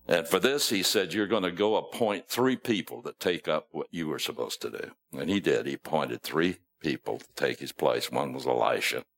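A man's voice: extremely low pitch, moderate pace, few pauses. A man preaching a sermon, retelling scripture in a folksy storytelling way, acting out the quotes and chuckling at his own asides.

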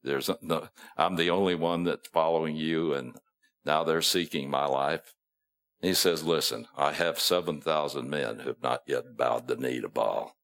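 Male preacher, low and unhurried, casual storyteller who chuckles at his asides. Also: steady tone, a bit bright. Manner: folksy storytelling, acting out quotes. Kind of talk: sermon.

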